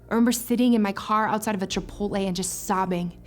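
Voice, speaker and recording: A woman's voice: medium pitch, steady tone, quick pace, slight background noise. A young adult woman pastor preaching a sermon, earnest and emotional, rising into impassioned prayer. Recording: faint music behind.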